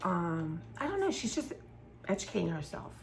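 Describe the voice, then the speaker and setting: A woman's voice: fairly low pitch, very animated, normal speed, gravelly. A woman from southern Maryland chatting casually to her viewers while she paints, rambling and trailing off mid-sentence. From southern Maryland, USA. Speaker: YouTuber.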